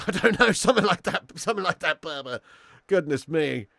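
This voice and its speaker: A man's voice: fairly high pitch, lively intonation, fairly quick, vocal fry, pushed and bright. A young man hosting a live football watch-along who chats, swears and laughs, bantering with viewers in the chat.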